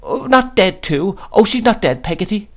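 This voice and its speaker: A man voicing a frightened, tearful young boy with a high, pleading voice in an audiobook reading. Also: expressive, moderate pace. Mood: anxious pleading.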